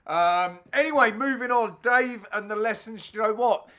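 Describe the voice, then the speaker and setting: Middle-aged bloke doing banter over his padel highlights, bright voice. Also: moderate pace. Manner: cheeky banter, bursts of loud exclamations. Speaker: amateur padel player commentating his own match video. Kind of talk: jokey voice-over commentary on match highlights.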